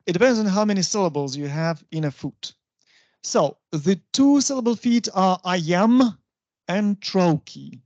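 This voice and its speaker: Russian-accented university lecturer, unhurried and patient, often stops to check understanding; dull, dry recording. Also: mid-range voice, animated, a little mellow, no room sound. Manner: explains terms patiently, checks in with "right?" and translates into Russian.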